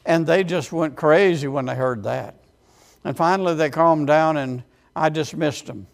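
A man's voice: fairly high pitch, moderate pace, vocal fry. A man preaching a sermon as a storytelling testimony, with frequent amens and quoted voices acted out.

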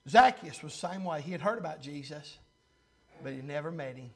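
A man preaching a sermon fervently, surging louder between drawn-out 'uh' pauses and then dropping low. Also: creaky, slightly rough. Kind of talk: revival-style sermon.

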